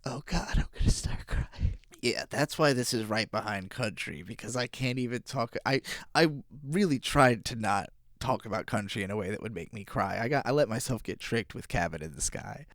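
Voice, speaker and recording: A man's voice: lowish voice, expressive, normal speed, hardly any pauses, fairly bright tone, no echo, clean studio sound. A young man from Virginia talking through his favorite albums in a rambling, emotional way, full of fillers. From Virginia, USA. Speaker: music reviewer. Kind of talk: casual album review monologue.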